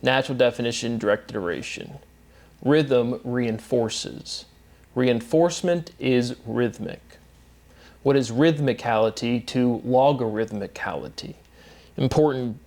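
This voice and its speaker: Man giving a rambling solo lecture. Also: medium pitch. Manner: repetitive, emphatic, circling through definitions; filler-heavy with frequent "right?" and "um". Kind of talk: unscripted solo monologue.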